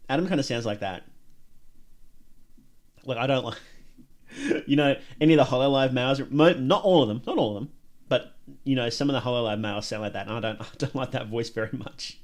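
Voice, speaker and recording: A man streams casual reaction commentary, rambling and joking with his chat. He laughs often and his voice sits at an ordinary middle pitch. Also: brisk, pauses often.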